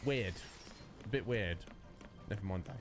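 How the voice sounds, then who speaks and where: A man casually commenting while he plays a video game on a live stream, chatty and quick to mimic the characters. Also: lowish voice. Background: game music.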